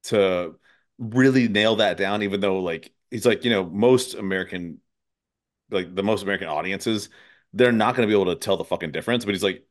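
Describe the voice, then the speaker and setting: Low-voiced, profane podcast host, a man. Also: a little fast. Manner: loose and profane, laughs often. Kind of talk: casual conversation.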